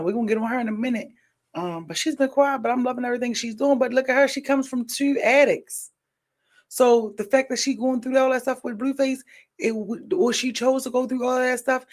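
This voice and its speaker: A woman hosting a podcast in casual chat, emphatic, repeating phrases for stress and swinging between loud and soft. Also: high voice. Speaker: podcast host.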